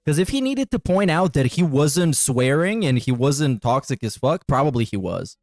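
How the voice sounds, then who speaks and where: A man's voice: a little high, sing-song, normal speed, a little mellow, no room sound, clean studio sound. A man in casual podcast banter, blunt and dismissive, swearing freely.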